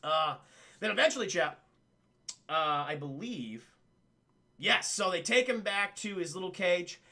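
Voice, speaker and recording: High bright excitable male streamer. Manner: excitable, profane, acts out characters in quick voices. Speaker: film reviewer streaming to chat. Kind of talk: casual live-stream film recap.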